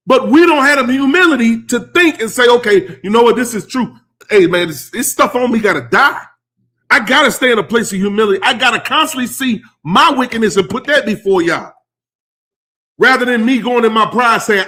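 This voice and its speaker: Male preacher, high voice, conversational sermon, punchy emphasis. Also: animated, fairly quick. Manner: emphatic and conversational, rising to loud stresses. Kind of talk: sermon teaching.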